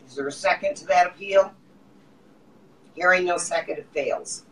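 A woman chairing a city council meeting, formal and measured as she rules on points of order. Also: on the low side, fairly bright tone. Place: council chamber. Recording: echoey chamber, distant mic.

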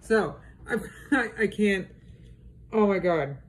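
A woman's voice: medium pitch, animated, slow, low-quality recording. A young woman vlogging at home in casual chat, frazzled and exasperated, talking to viewers through a handheld camera.

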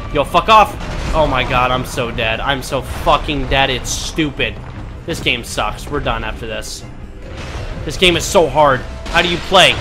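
A young man giving let's play commentary, excitable and panicky, swearing and trash-talking the enemies as he plays. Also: fairly high pitch. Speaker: gaming commentator.

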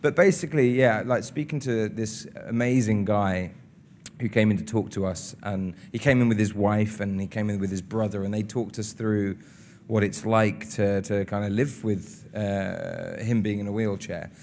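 A young man talks through an interview in a low, steady voice. His manner is earnest and reflective, pausing and restarting as he gathers his thoughts. A faint hiss sits under his voice. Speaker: actor being interviewed. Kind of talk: casual interview talk. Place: studio interview in front of an audience.

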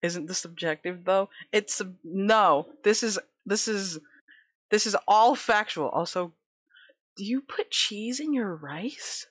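A woman's voice: medium pitch, lively intonation, takes it slowly, a bit bright, slightly rough, dry recording. A woman streaming live, chatting casually with viewers in a giggly, dramatic way, laughing often.

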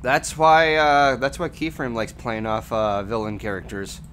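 A man's voice: medium pitch, little pitch movement, a little slow, fairly bright tone, slight background noise. A man playing a game and chatting with friends, swearing freely and teasing them. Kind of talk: casual gaming chat.

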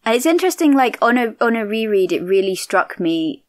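A woman co-hosts a book podcast in a playful, animated chat. Her pitch swings widely and sits a little high. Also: fairly quick. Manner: animated, playful, acts out characters. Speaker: podcast co-host. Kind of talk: casual book discussion.

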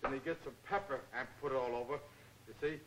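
A man's voice: mid-range voice, fast talker, background noise, close to an everyday voice. A man playing a slangy, dim-witted boxer. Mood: earnest. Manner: slangy, earnest nonsense talk. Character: dim-witted cheerful male boxer, rambling nonsense. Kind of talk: 1940s film comedy acting.

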